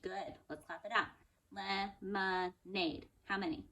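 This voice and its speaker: A woman's voice: medium pitch, expressive, distant mic. Encouraging woman teacher, slightly off-mic. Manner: slow, drawn-out word modelling, clapping out syllables; encouraging and upbeat. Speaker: first grade teacher. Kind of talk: recorded phonics lesson for young pupils. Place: indoors at home. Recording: voice a bit off-mic.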